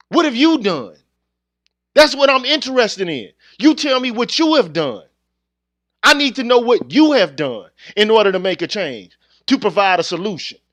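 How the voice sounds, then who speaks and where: A man's voice: sits high, fairly bright tone, no room sound. A man hosting his own channel, ranting bluntly in street slang, heated and confrontational in a casual monologue to viewers. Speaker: channel host.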